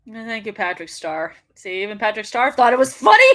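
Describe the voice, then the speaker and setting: A woman's voice: on the high side, lively intonation, a little fast, sharp tone. A woman hosting a wrestling show, ranting in casual commentary, swearing freely and laughing often.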